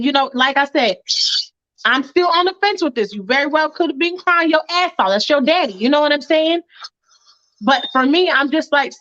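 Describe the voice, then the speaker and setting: A woman chatting casually on a podcast, telling stories with lively acted-out reactions. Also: high-pitched, no echo. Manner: animated storytelling, acts out her own reactions. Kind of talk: casual chat. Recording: muffled lo-fi audio.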